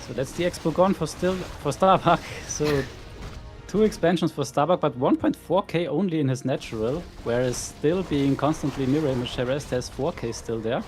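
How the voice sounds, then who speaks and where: A man co-casting a live esports match, giving calm, analytical play-by-play. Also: a little high, moderate pace, faint music behind. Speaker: esports co-caster. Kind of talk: live game commentary.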